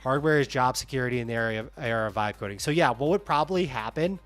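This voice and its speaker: A man with a mid-range voice hosts a livestream at a quick pace, with soft music playing behind him. He chats casually and candidly, animated as he reads viewer comments aloud.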